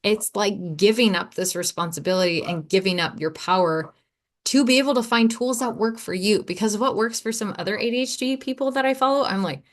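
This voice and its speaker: A woman's voice: mid-range voice, a little fast. Rambling woman hosting a chatty podcast. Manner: rambling, self-interrupting, repeats words, laughs easily. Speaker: podcast host and ADHD coach. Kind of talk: casual solo podcast monologue.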